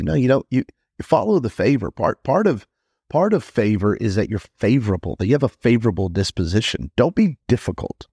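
A man's voice: medium pitch, sing-song, creaky, mellow, slightly rough, dry recording, clean studio sound. A man, a pastor hosting a podcast, teaching in a conversational way, repeating phrases for emphasis and restarting his sentences often. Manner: frequent quick restarts and stammers.

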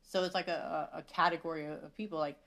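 A woman's voice: low voice, fairly even intonation, fast, gravelly, crowd noise. A woman hosting a podcast in casual chat, telling stories with lots of swearing and laughter. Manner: profane, laughing storyteller. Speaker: podcast host.

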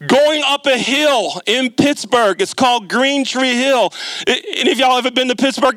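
High, bright-voiced storytelling preacher man. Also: no room sound. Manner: humorous, chatty, asks the congregation. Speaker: lay preacher. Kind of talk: storytelling sermon. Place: church sanctuary.

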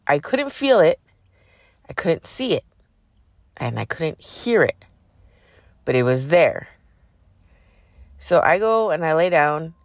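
Slow and given to long pauses, a low-voiced woman hosts a podcast where she tells a personal story with profanity, sarcasm and animation. The sound is clean studio quality, free of any room tone.

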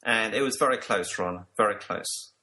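A man's voice: lowish voice, moderate pace, pushed and bright, low-quality recording. A man working as a life coach, telling his personal story earnestly to an interviewer and sometimes repeating words.

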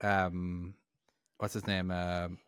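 A man's voice: sits low, flat delivery, drawn-out words, fairly bright tone, clear, resonant tone, no echo, studio quality. An Irish man co-hosting a podcast, chatting casually and self-deprecatingly with frequent restarts. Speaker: podcast co-host. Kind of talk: casual chat.

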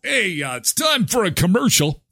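A middle-aged man hosting a casual chat show, joking and animated. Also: sits high, moderate pace, slightly rough, no echo, clean studio sound. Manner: joking, animated, slips into silly voices. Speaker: talk show host.

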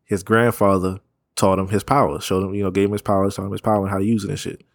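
A man with a very low voice chats loosely and rambles through his points, dropping slang and curses along the way. He laughs easily. The sound is dry and close, with no room echo. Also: level tone, fast talker. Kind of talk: casual chat.

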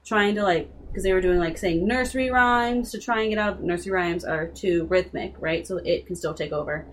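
A woman's voice: on the low side, a little fast, slight background noise. A young woman casually retelling a book's plot, rambling with lots of "like" and restarts. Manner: rambling, filler-heavy with frequent "like". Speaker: book discussion co-host. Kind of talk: casual chat retelling a book.

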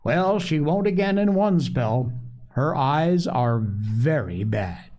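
A man reading a storybook aloud, voicing a brusque but gentle older doctor. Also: on the high side, expressive, takes it slowly. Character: gruff kindly older country doctor.

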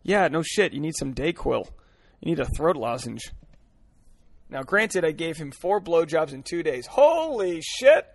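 A man's voice: on the high side, normal speed, gravelly. A man in his thirties hosting a solo podcast in a crude, rambling, joking way, full of fillers and restarts, talking from inside a car. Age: 30s. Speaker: podcast host. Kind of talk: solo comedic podcast monologue.

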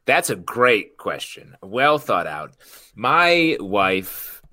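Joking male podcast co-host, bright tone, lively delivery. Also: on the low side, very slow, no echo. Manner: joking, playful, teasing. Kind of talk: casual chat.

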